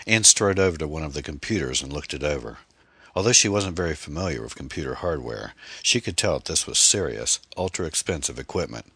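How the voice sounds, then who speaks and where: A man reading a mystery novel aloud as audiobook narrator, measured and steady, on a close mic. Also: very deep voice, husky, no room sound.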